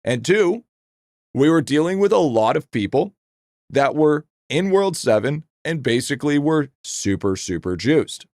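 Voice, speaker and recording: A man's voice: a little high, unhurried, no echo, studio quality. Rambling, foul-mouthed male game streamer. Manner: rambling, profane, excitable. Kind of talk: casual live-stream chat.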